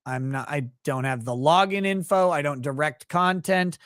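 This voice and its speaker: A man talks through a loose, profane livestream ramble, reacting to chat as he goes. His voice sits a bit on the high side for a man. The sound is dry and close, with no room around it. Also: normal speed, fairly bright tone, no echo. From Minnesota, USA. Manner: profane, rambling, laughs often. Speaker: livestream host reading chat.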